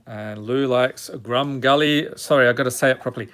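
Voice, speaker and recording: A man's voice: medium pitch, moderate pace, fairly bright tone, slight background noise. A man hosting a live stream, reading out card names one at a time and joking with his viewers in casual chat. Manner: reads item names one by one, jokes with viewers.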